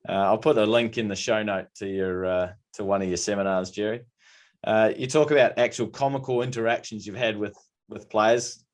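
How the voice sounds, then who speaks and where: Low-pitched man, podcast host, halting delivery with repeated starts. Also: fairly even intonation. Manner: repeats words, stumbling starts. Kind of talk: casual interview.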